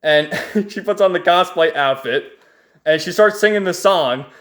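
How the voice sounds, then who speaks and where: Guy gushing over a manga volume, keeps laughing, kinda high voice, lots of restarts. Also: unhurried, fairly bright tone. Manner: enthusiastic, chuckling often, rambling restarts. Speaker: manga reviewer. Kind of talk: casual page-by-page recap.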